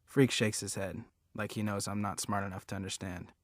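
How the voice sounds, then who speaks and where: A man narrates a storybook in the first person, earnest and plain-spoken. His voice sits on the low side, and the recording is dry and close, with no room around it. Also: level tone, brisk, no echo. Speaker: audiobook reader.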